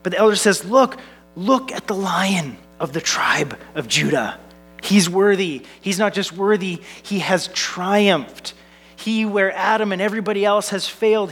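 Pastor guy, 30s, pretty high voice, earnest sermon w lots of repeating lines and family stories. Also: fairly bright tone. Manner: earnest, builds with repeated phrases, tells family anecdotes.

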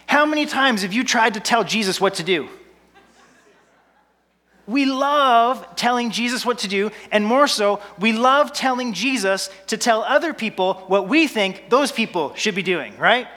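A man's voice: high-pitched, expressive, unhurried, sharp tone. A male pastor giving a sermon in a conversational, humorous way, asking the congregation rhetorical questions. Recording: long reverb in a large hall.

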